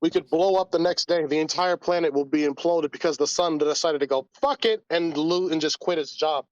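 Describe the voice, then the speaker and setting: A man's voice: a little high, steady tone, fairly quick, dry recording, lo-fi sound. A man hosting a casual podcast, ranting in a crude, rambling way and slipping into voices. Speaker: podcast host. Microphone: voice call.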